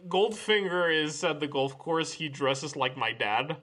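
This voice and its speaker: Male co-host, slightly high pitch, deadpan wisecracks in casual chat. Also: measured pace, breathy edge. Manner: dry, wisecracking asides. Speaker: podcast co-host. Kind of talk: casual film discussion.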